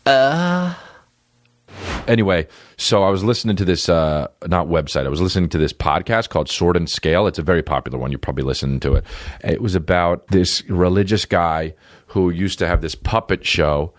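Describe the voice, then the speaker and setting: Man, 40s, comedian podcast host, low voice, lively pitch swings, crude riffing, dry close mic. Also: dry recording. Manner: animated, jumps to high silly voices for impressions, crude jokes. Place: podcast studio. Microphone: studio microphone.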